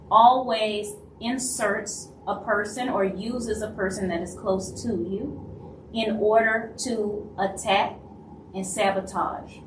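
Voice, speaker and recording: A woman from Louisiana with a Louisiana Southern accent, hosting a live stream in casual talk and acting out other people's lines in quick asides. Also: medium pitch, slight background noise. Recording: roomy echo, voice from a distance, faint ambience.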